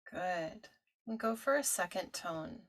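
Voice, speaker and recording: A woman teaching a vocal toning practice, talking listeners through it in a gentle coaching way and showing the sounds herself. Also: animated, takes it slowly. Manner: gentle coaching, demonstrates high owl-like hoo tones. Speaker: meditation teacher. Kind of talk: guided toning instruction.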